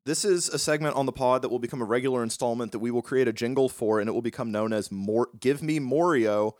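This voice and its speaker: A man in a loose, joking podcast chat who stumbles through restarts as he rambles on. His pitch sits in an ordinary middle range, and the recording is close and dry with no room sound. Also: fairly even intonation, fast, darkish tone, no room sound. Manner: rambling, jokey, restarts often. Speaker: podcast co-host. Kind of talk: casual chat.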